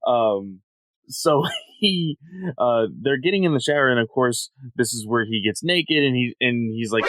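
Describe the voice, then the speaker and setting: A man co-hosting a podcast in casual chat, retelling a story in a relaxed way with many fillers and quoted lines. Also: mid-range voice, normal speed, no room sound. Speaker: podcast co-host.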